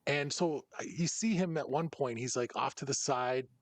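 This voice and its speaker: A man hosting a podcast in casual chat, telling stories in an animated way. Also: medium pitch, moderate pace, no echo. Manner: animated storyteller who acts out other people's lines. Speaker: podcast host.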